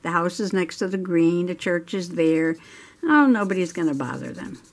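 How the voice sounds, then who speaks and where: A woman's voice: fairly low pitch, expressive, moderate pace. A middle-aged woman hosting a journaling video, telling a chatty story while she colors, laughing often. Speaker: journaling channel host. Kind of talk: casual crafting chat while coloring.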